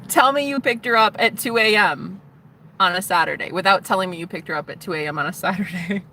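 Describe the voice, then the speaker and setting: Talking fast in a medium-pitched, pushed and bright voice, a young vlogger rambles through a casual, confessional clip in her parked car. She's chatty and teary, sometimes dipping into a whisper, and traffic noise fills the background.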